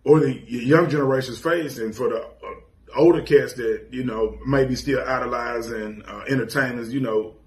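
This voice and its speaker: A man's voice: mid-range voice, moderate pace. Man calling in, questioning and rambling. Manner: questioning, searching, rephrasing his points. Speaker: caller. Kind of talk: call-in commentary.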